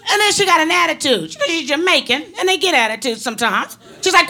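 A woman doing a stand-up comedy set in a brassy, punchy way that often breaks into shouting. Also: high-pitched, fast, few pauses. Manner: brassy, animated, punchy delivery that bursts into shouting. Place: live comedy venue. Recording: crowd laughter over a noisy live room.

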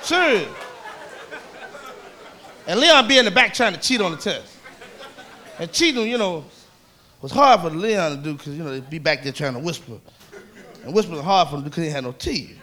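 A man doing stand-up comedy on a club stage, loud and profane, teasing people in the audience. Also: on the high side, lively intonation, moderate pace, long pauses, a faint crowd.

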